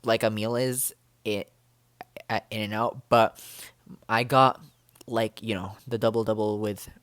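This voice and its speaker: A young man chatting in a bubbly, rambling way for his vlog, full of fillers and excited exclamations. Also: fairly low pitch, unhurried, smooth, no room sound. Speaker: vlogger.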